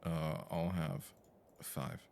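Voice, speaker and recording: A man's voice: rumbling low, lively intonation, drawn-out words, creaky, darkish tone, a little hiss or hum. A man streaming a game from home, chatting casually, swearing and reading on-screen text aloud into a desk mic. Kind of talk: live game-stream commentary.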